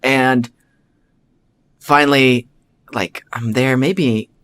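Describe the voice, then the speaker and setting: A male podcast host telling a story in a casual, animated way, acting out his own thoughts and filling gaps with "like" and "you know". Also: medium pitch, drawn-out words, clean tone. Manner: frequent "like" and "you know" fillers.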